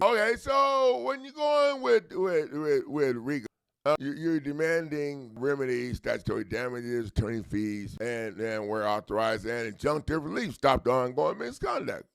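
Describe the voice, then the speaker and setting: A man hosting a rambling live stream about selling lawsuit packets, jumping between loud outbursts and low mutters. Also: sing-song, normal speed, creaky, no echo, studio quality. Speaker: host selling legal packets.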